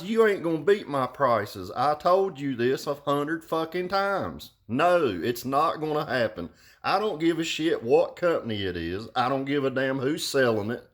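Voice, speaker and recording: Dude ranting slow and blunt, swearing a lot, mocking folks. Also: male voice, mid-range voice, a bit bright. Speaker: vlog host. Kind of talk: casual rant.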